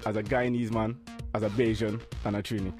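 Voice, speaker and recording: A man's voice: fairly low pitch, flat delivery, over music. A man from London hosting a radio interview in a playful, chatty way. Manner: playful, quick to laugh. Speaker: radio host.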